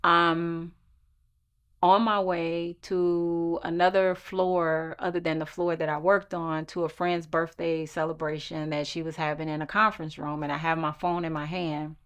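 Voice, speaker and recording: A woman's voice: low-pitched, little pitch movement, measured pace, fairly bright tone, clear, resonant tone. A woman recounting a long legal fight in an earnest, emphatic personal testimony. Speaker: storyteller recounting her lawsuit.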